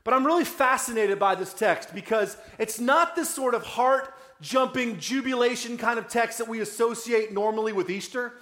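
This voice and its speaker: A man preaching a conversational sermon as a pastor, often checking in with "right?" and dropping soft and low for emotional moments. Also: moderate pace, hardly any pauses, echoey room.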